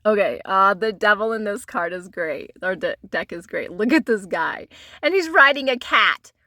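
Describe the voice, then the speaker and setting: A woman's voice: medium pitch, animated, normal speed, pushed and bright, no echo, clean studio sound. A woman chatting casually on her vlog as she shows tarot cards, giggling often and filling her talk with "like". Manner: giggly, laughs often while talking; chatty, many "like" fillers. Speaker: tarot vlogger. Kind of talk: casual show-and-tell chat.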